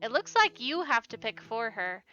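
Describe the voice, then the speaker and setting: A let's-play host with a sing-song, somewhat high voice and a bright, forceful tone plays through a dating game at normal speed. She reads the narration aloud and adds giggly, sarcastic asides, over dull lo-fi audio with background game music.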